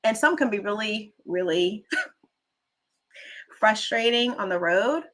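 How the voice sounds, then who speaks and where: A woman hosts a relaxed livestream and talks in a loose, chatty way. She drifts from one story to the next and pauses to read out and thank viewers for their comments. Her voice has a bright, forward edge. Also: medium pitch. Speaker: livestream host. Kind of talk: casual livestream chat.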